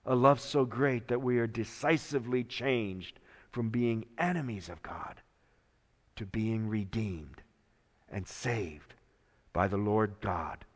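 A man preaching a sermon as pastor, slow and dramatic, moving from hushed words to loud ones. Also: mid-range voice, long reverb tail.

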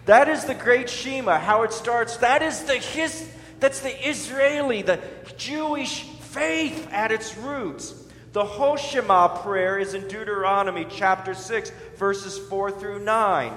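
A pastor giving a sermon, leading his listeners to repeat words after him in a slow, deliberate, emphatic way. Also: sits high, fairly bright tone, slight background noise. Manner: leads the listeners in call-and-response pronunciation. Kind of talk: sermon teaching with congregation repetition. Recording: echoey hall with long reverb.

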